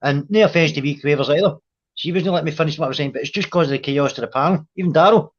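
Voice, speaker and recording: A man's voice: fairly high pitch, fast talker, lo-fi sound. A man on a video call, explaining himself earnestly in casual chat and swearing freely. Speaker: panel guest.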